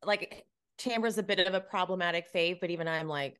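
A woman co-hosting a casual gossip chat, chatty and quick to agree. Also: fairly low pitch, fairly bright tone, smooth. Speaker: podcast co-host.

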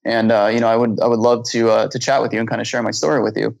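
A man, a flight instructor, telling a story in casual conversation, animated and acting out dialogue, with frequent restarts and repeated words. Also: medium pitch, fast talker, creaky, no room sound, highs cut off.

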